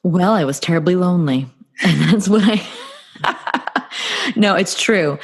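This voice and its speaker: A woman from New Jersey in her thirties, a podcast guest telling her own story candidly in casual talk. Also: sits low. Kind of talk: casual interview.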